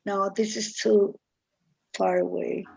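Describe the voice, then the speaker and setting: A woman's voice: medium pitch, little pitch movement, takes it slowly, vocal fry, darkish tone, slightly rough, highs cut off. A woman teaching an online English class, hesitant and full of fillers as she quizzes students. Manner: hesitant, many fillers, searching aloud.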